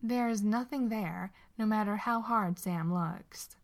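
A woman narrating a story aloud in an expressive, steady way. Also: mid-range voice, slow pace.

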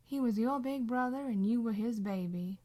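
A woman voicing a gentle, teasing old blind woman who speaks fondly and motherly in a storybook reading. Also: on the high side, normal speed, voice pushed up, close to an everyday voice.

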